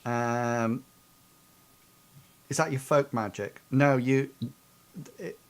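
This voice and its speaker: A man running a tabletop role-playing game as game master, explaining the rules hesitantly, with many pauses and restarts. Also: mid-range voice.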